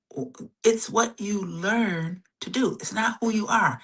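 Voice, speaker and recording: A middle-aged woman therapist hosting a live stream, repeating phrases, checking in often with "okay?", and slowing down softly to guide breathing exercises. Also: mid-range voice. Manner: repeats phrases, frequent "okay?" and "you guys" check-ins; slows and softens for relaxation exercises.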